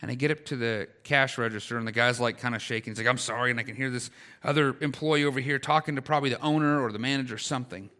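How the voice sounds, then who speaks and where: A man's voice: mid-range voice, fairly even intonation, rapid-fire, bright, forceful tone. A middle-aged male pastor giving a conversational sermon that builds in intensity, with everyday stories and emphatic questions. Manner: conversational preaching with rising intensity.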